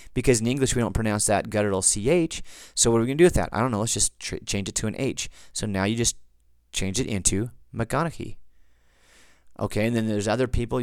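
Male podcast host, lowish voice, dry close sound, casual teacherly delivery. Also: no room sound. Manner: chatty, digressive, teacherly. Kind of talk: casual explanatory podcast talk.

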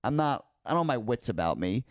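A man guest on a podcast, telling a story in a casual, animated way with lots of "like". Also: mid-range voice, fast, no room sound, clean studio sound. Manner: animated, heavy use of filler "like".

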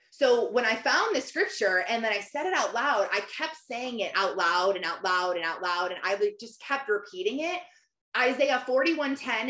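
A woman in her thirties hosting a faith podcast, earnest and animated, acting out her own inner dialogue. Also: fairly high pitch. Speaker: podcast host. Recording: echoey room.

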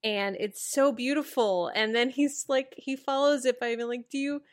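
A woman with a somewhat high voice talks through a TV scene in casual discussion. She is reflective as she lays out her opinions, and she chimes in with short agreeing replies. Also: moderate pace. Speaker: podcast co-host.

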